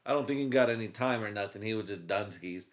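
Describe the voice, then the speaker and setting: A man hosting a comedy podcast, telling crude stories in a rambling, profane way and breaking into loud voices for the people in them. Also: on the low side, fast talker. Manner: profane, rambling, acts out characters in loud bursts. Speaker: podcast host.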